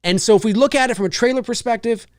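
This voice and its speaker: A man hosting a live show, talking casually and giving his opinion, animated and repeating himself with frequent restarts. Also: extremely high pitch, fast talker, dry recording, clean studio sound.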